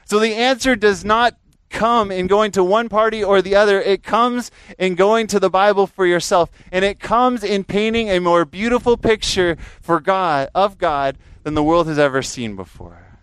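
A man preaching a sermon earnestly, rising to emphatic peaks and dropping to a quiet, prayerful tone. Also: sits high, moderate pace, smooth, no room sound, low-quality recording.

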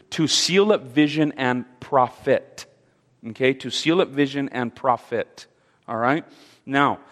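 A man's voice: medium pitch, fairly bright tone. Man teaching scripture in a reverberant hall. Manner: halting, with fillers and repeated words; asks the audience questions. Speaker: Bible teacher. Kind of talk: interactive Bible study teaching. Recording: long reverb of a large hall.

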